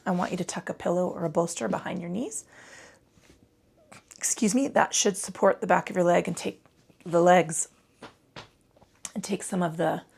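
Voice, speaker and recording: A woman's voice: on the low side, gravelly, breathy edge. A woman teaching a casual yoga class, chatty and profane, with rambling asides and a tired edge. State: tired from little sleep. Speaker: yoga instructor. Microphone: microphone.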